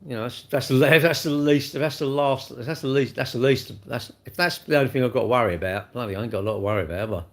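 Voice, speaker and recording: A man's voice: medium pitch, quick pace, few pauses. A middle-aged man, hosting a casual live stream where he reads viewer comments and chats bluntly, rambling with restarts and tag questions. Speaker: livestream host.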